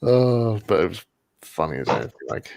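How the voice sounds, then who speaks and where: A man's voice: on the low side, big pitch swings, normal speed, creaky, darkish tone, no echo. A young man hosting a livestream, chatting casually while working on models, rambling and laughing. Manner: rambling, laughing, self-correcting. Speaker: livestream host.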